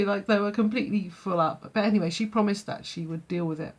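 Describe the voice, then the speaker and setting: A woman's voice: mid-range voice, fast, darkish tone. A woman telling a childhood story in a vlog, chatty, full of fillers and laughing often. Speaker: vlogger.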